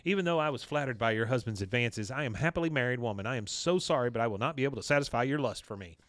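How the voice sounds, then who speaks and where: A man's voice: medium pitch, lively intonation, very fast, fairly bright tone, dry recording, natural voice. A man reading as a prim, flustered housewife. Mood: indignant. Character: flustered middle-aged housewife, prim and proud.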